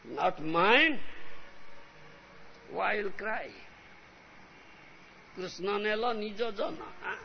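Gravelly high-voiced male spiritual teacher. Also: animated, slow, pauses often. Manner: emphatic, repeats a questioning "huh?". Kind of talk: devotional lecture. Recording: lo-fi recording with faint hiss.

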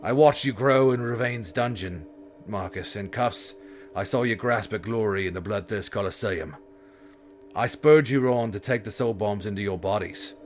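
A man voicing a weary, soft-spoken noble knight who speaks gently and sadly, with sighs. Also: on the low side, moderate pace, a little hiss or hum, natural voice. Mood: solemn. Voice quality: sighing, gentle and solemn.

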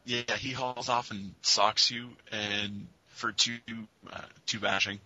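A man's voice: lowish voice, fairly even intonation, takes it slowly, bright, forceful tone, no room sound, dull audio. A man narrating and calling rules as game master of a tabletop game.

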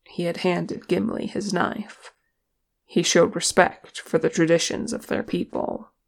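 A reader narrating a fan fiction story in a steady, measured way. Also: medium pitch, vocal fry. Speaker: audiobook reader.

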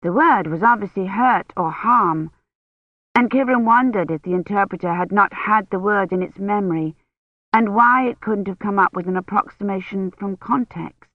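A reader delivers the story in a steady, measured way, neither high nor low in pitch. The sound is dull and lo-fi, with a close, dry feel and no room around it. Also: no room sound. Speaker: audiobook narrator. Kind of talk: scripted audiobook narration.

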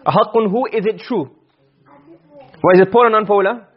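A man's voice: high voice, rapid-fire, breathy edge, dull audio. A man teaching an Arabic grammar class, asking questions and answering them himself, often repeating and restarting phrases. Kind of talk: classroom lecture.

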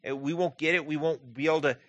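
A man preaching a sermon as pastor, earnest, rising to emphatic peaks and dropping low and quiet for scripture. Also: steady tone, quick pace, no room sound, highs cut off.

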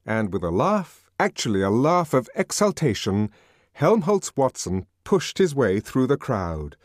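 Brief: male narrator, dramatic reading, pitch swinging wildly, dry close sound. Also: big pitch swings, measured pace, no echo. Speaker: audiobook narrator. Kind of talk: scripted narration.

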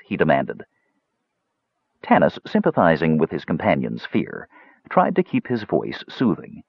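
A man narrating a fantasy audiobook in an animated, expressive reading. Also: low-pitched, moderate pace, gravelly, husky, no room sound. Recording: dull dry lo-fi recording.

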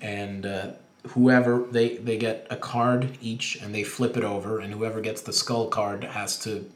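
Low-voiced man, dry humor. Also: level tone, measured pace, roomy sound. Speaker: podcast co-host. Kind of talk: casual chat.

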